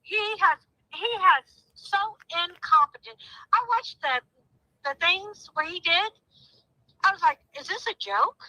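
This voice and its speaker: A woman's voice: very high voice, unhurried, pushed and bright, no room sound, rough recording. A woman speaking as a guest in a phone interview, emphatic and heartfelt, often repeating herself. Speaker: guest, sister of a crime victim.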